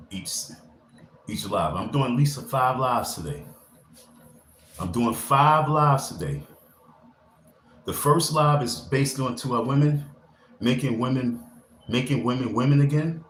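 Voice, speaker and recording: In an echoey indoor room with faint background noise, a man livestreams a casual motivational session. His mid-range voice has a fairly bright tone, and he speaks a little slowly, leaving long pauses as he rambles through a slangy pep talk.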